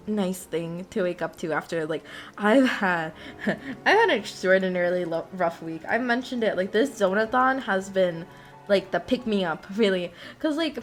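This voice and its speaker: A young woman streamer in casual chat, rambling and giggling often as she talks. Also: mid-range voice.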